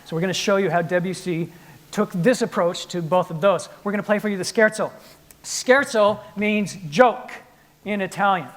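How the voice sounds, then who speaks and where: A man playing piano in a trio, explaining the music to a live audience in an animated, playful lecture-demonstration. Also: high-pitched, fast talker. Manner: animated, playful explainer acting out the composer's attitude. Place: concert hall with live audience.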